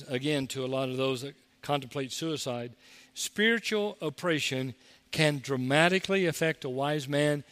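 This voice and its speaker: Bright-voiced preacher in an echoing hall. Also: male voice, a little high. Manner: conversational preaching with mocking quoted voices. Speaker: pastor. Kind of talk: sermon.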